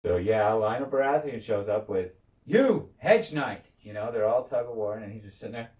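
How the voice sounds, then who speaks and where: A man in casual recap chat, telling scenes with lively quoted lines and some swearing. He sits back from the microphone, and the room around him has a noticeable echo. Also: on the low side, brisk, recorded from a distance. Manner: animated retelling, quotes characters, swears. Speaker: podcast co-host. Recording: echoey room, away from mic.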